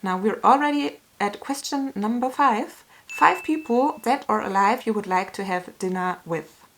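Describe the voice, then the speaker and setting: A woman chatting to her camera in a candid, earnest vlog. She picks her words slowly, with small restarts, and lets feeling show through now and then. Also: medium pitch, a little hiss or hum. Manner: earnest, candid, sometimes emotional and softly laughing; slow, searching phrasing with small restarts. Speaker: YouTuber answering a tag. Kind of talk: casual talk to camera.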